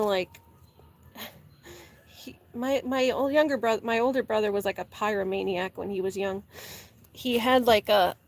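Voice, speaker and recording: A young woman vlogger chatting casually while gardening, rambling, saying "like" a lot and laughing often. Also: mid-range voice. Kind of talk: casual chat. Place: garden, repotting plants.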